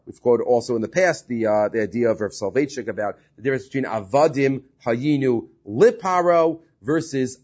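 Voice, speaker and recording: Husky man teaching a Talmud class. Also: medium pitch. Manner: explains Hebrew and Aramaic text then paraphrases it, with frequent fillers and restarts. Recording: dull lo-fi recording.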